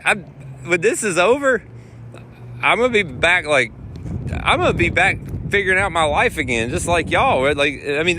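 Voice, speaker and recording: A man, a touring guitar player, telling road stories in a rambling, animated way while walking outdoors. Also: high-pitched. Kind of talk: casual vlog storytelling. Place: outdoors on city streets. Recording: outdoor street noise and wind.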